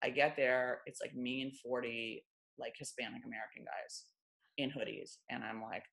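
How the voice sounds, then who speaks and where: A woman's voice: rumbling low, animated, moderate pace, vocal fry, fairly bright tone. A middle-aged woman guest speaking bluntly and with self-mocking humor, acting out other people's lines in candid interview chat. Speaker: author and guest.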